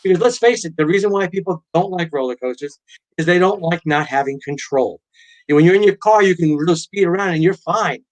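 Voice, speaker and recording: Animated man telling stories. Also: sits high, brisk. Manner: animated storyteller, acts out quotes. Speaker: guest, author and pilot. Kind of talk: casual interview chat.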